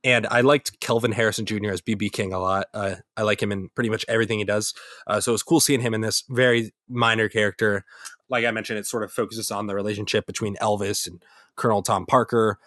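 A man's voice: fairly low pitch, steady tone, quick pace, a bit bright, no room sound, clean studio sound. A young man co-hosting a casual film podcast, rambling and correcting himself as he talks. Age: young adult. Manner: rambling, self-correcting, laughs easily. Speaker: podcast co-host. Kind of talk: casual film review chat.

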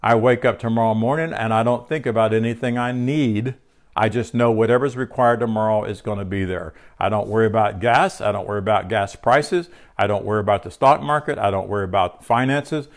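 Man giving a relaxed home sermon. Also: lowish voice, a little fast. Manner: conversational, with fillers and self-corrections. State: tired. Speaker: teacher of spiritual lessons. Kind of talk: home-recorded spiritual teaching. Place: home room.

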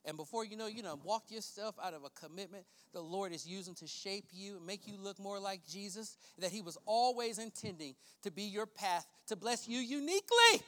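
A man preaching a sermon as pastor, repeating phrases for emphasis and swinging from shouts to hushed near-whispers. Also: sits high, a little fast, hardly any pauses. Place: church sanctuary.

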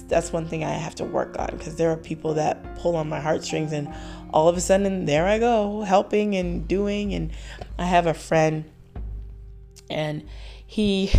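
A woman hosting a casual faith talk show, reflective and quick to laugh, acting out the lines she quotes. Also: fairly low pitch, gravelly, dark tone. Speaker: podcast host.

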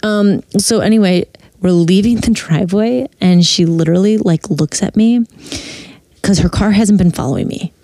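A woman's voice: medium pitch, normal speed, no room sound. Midwestern woman storyteller, casual, swears a lot, dry close sound. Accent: Midwestern American. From Wisconsin. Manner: animated, quotes people, frequent "like" and swearing.

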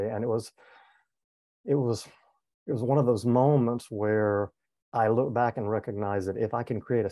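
A man's voice: lowish voice, dark tone, dry recording. A man in his seventies, a former pastor, telling a personal story in an earnest, candid way with frequent restarts. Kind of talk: reflective personal storytelling in conversation.

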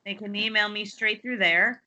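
A woman who works as a social worker, speaking as a podcast guest in casual chat, halting with many restarts and fillers. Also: mid-range voice, fairly even intonation, bright, forceful tone.

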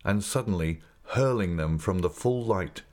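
A man narrating a novel as an audiobook in an even, measured reading. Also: deep voice. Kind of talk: scripted narration.

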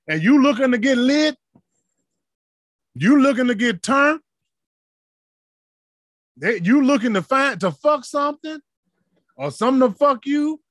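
A preacher's voice sits unusually high as he delivers his sermon with fervor, swelling to shouted peaks and then dropping to murmured asides. The sound is close and completely dry.

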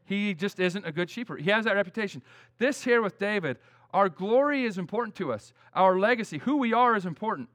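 A man's voice: high-pitched, expressive, fairly quick, fairly bright tone. Folksy plain-spoken preacher man. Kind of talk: conversational sermon.

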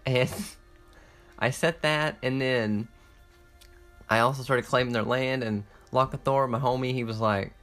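Young man, gaming commentary, excitable, swears a lot, laughs often, talks over quiet music. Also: medium pitch. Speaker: gaming content creator. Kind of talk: casual gameplay commentary.

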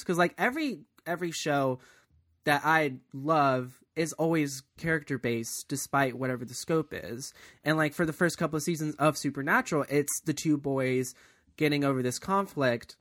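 A man with a somewhat high voice thinks aloud about TV storytelling in relaxed chat. He rambles, full of fillers. The sound is dry and close. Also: no echo. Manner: thoughtful, rambling, many fillers. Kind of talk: casual podcast chat about TV.

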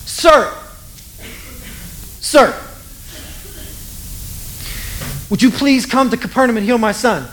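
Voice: medium pitch, lively intonation, unhurried, fairly bright tone, slight background noise, low-quality recording. A preacher acting out a desperate official who pleads with Jesus to come heal his dying son, sounding earnest and pushy. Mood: pleading.

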